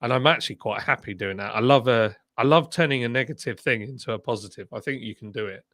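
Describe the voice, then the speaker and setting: A former brewery boss now hosts a casual livestream chat, speaking bluntly and laughing often. His mid-range voice moves fast with a fairly bright tone, and the studio-quality recording has no room sound.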